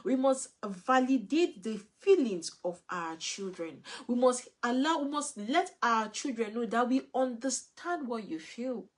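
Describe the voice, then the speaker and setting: A woman's voice: on the high side, animated, a little slow, few pauses. A woman, giving an earnest, repetitive live talk as a parenting coach.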